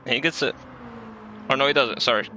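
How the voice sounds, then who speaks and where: A man's voice: mid-range voice, brisk, bright, forceful tone, a little hiss or hum, poor audio. A man co-commentating an online racing league, laid-back and chuckling often as he talks race strategy.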